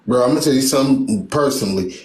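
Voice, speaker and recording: A man talking in a casual debate, hesitant and halting, often restarting his sentences. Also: medium pitch, echoey room.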